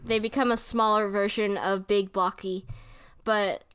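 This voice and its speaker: A woman co-hosting a podcast in casual chat, laid-back and quick to laugh. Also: medium pitch, steady tone, a bit bright, clean tone. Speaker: podcast co-host.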